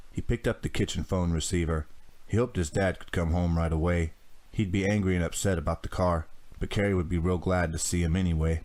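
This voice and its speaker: A man narrating a teen thriller audiobook in a measured, steady reading. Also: deep voice. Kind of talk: scripted narration.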